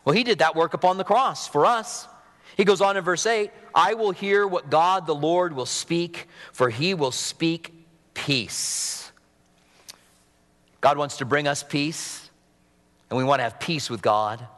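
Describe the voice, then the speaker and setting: A sniffly man preaching from the pulpit, earnest and chatty, with wry asides. His voice sits a little high for a man. It rings out with a long reverb through the church sanctuary. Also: a little slow, a bit bright. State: sniffly from a cold. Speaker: pastor. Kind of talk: sermon.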